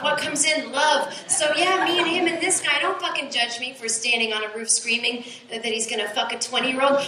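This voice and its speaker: Woman in her 40s doing stand-up, high voice, swears a lot, roomy club echo, loud noisy board recording. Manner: animated, swearing, rising to high shouts. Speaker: stand-up comedian. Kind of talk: stand-up set. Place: comedy club stage. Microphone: handheld stage mic into sound board.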